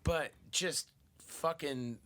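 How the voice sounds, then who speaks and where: A man's voice: a little high, extremely slow, bright, forceful tone. A man hosting a podcast, telling a story in a casual, profane way, laughing and acting out other people's lines. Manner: acts out quotes in shifting voices. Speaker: podcast host.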